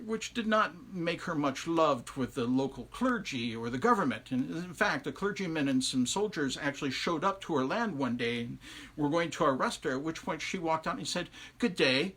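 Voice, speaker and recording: A male storyteller spinning an old folktale with lively asides to his audience. His voice sits a little high, bright and forceful, with a husky grain. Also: normal speed. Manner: conversational, asides to listeners, animated. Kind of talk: oral folktale telling on a livestream.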